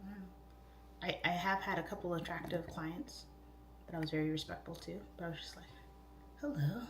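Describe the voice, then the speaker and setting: A woman's voice: on the low side, fairly even intonation, fast talker, roomy sound, slight background noise. A woman in her thirties chatting casually on a livestream, reading comments aloud, goofy and easily distracted. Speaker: livestream host and real estate agent. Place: home.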